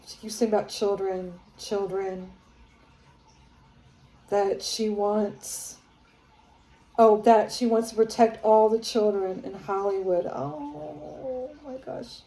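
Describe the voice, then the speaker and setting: Slow, hesitant woman psychic vlogger. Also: mid-range voice, reverberant, low-quality recording. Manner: rambling, hesitant, with many fillers; grows excited and awed while channeling. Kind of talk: casual spirit-channeling vlog. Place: her home, near living room and kitchen.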